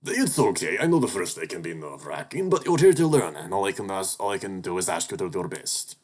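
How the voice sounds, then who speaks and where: A genial middle-aged wolf boss from a visual novel, fatherly and gently teasing, with a very deep, low voice, as a man reading the game puts him on. He keeps an easy, unhurried calm.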